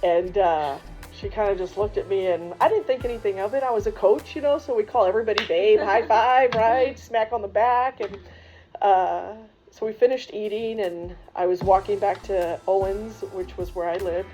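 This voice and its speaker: A woman's voice: mid-range voice, normal speed. A woman who was once a coach, now a religious sister, telling a humorous story to students. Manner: lively, humorous, laughs while telling, voices others in dialogue. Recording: dull muffled sound with faint music.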